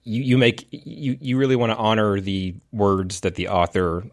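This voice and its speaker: A man hosting a podcast interview, asking curious questions in a relaxed, conversational way. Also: fairly low pitch, moderate pace. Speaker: podcast host.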